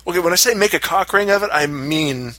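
Bright-voiced man telling a story. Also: fast, no echo, low-quality recording. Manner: animated, acts out quotes in high voices. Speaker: podcast co-host. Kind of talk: casual storytelling chat.

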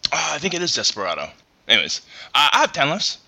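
A man's voice: fairly high pitch, huge pitch swings, fast, gravelly, sharp tone, no echo. A man co-hosting a comedy podcast, teasing and laughing as he reads out jokes. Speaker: podcast co-host.

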